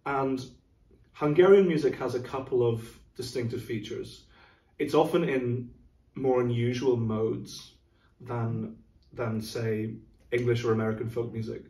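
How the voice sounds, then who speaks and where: A man's voice: medium pitch, fairly even intonation, measured pace, mellow, distant mic. A middle-aged man, an orchestra's music director, explaining a program in a thoughtful, casual chat. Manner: thoughtful, explanatory, sings rhythms aloud. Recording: roomy, from off mic.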